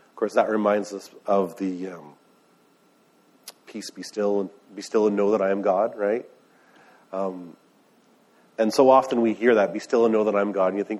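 A man's voice: fairly low pitch, moderate pace, a little mellow, breathy edge. A man preaching a sermon in a conversational way, asking the listeners questions and retelling scripture in everyday words. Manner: conversational, asks the room questions. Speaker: pastor.

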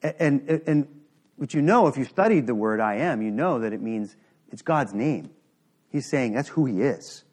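A man's voice: medium pitch, expressive, normal speed, darkish tone. A man preaching a sermon to a congregation in a room, earnest and emphatic, often checking in with the listeners.

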